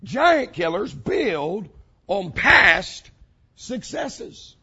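A man preaching a sermon, building points with repeated phrases and dramatic pauses. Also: high voice, gravelly, breathy edge, highs cut off. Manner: animated preaching with dramatic pauses and vivid quoted voices. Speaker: pastor.

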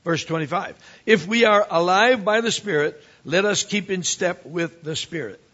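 Husky-voiced preacher man, high and animated. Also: moderate pace, muffled recording. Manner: animated preaching, swings from quiet asides to emphatic rises. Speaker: pastor. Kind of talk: sermon.

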